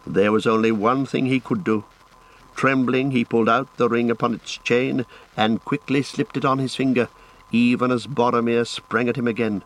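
A man narrates a fantasy audiobook in a measured, dramatic storytelling style. His medium-pitched voice holds a steady tone, though the recording is rough.

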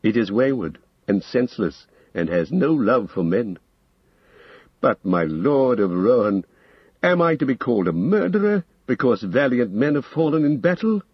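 A man's voice: mid-range voice, sing-song, moderate pace, dry recording. Saruman, a man voicing a silken old wizard. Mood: persuasive. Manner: smooth coaxing, rising to lofty emphasis. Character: old male wizard, silken, proud, persuasive. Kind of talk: audiobook character reading. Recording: dull lo-fi audio, dry.

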